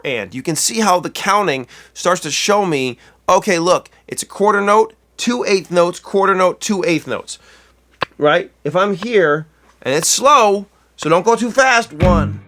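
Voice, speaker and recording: A man's voice: sits high, animated, slow, a bit bright. A man giving a casual guitar lesson, chatty and self-correcting, counting beats aloud as he plays. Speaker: guitar teacher.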